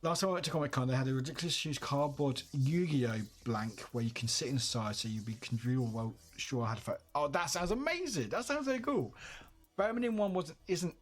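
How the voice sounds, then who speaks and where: A man's voice: medium pitch, expressive, fast talker, hardly any pauses, breathy edge, faint music behind. A young man from the UK, live-streaming from home, chatting in a rambling, self-correcting way. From United Kingdom. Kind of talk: casual livestream chat.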